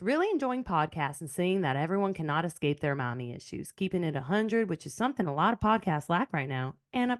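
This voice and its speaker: A woman putting on an exaggerated slow Southern drawl to read a listener review aloud, as a joke on a podcast recorded over a video call. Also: low-pitched, dry recording, studio quality. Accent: put-on Southern US. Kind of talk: comic put-on voice on a podcast.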